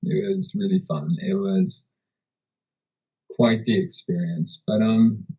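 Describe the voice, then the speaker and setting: A man's voice: fairly low pitch, sing-song, slow, gravelly, mellow, breathy edge, rough recording. A man being interviewed as a guest, speaking in a laid-back, somewhat hesitant way. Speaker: guest, entrepreneur. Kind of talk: casual interview.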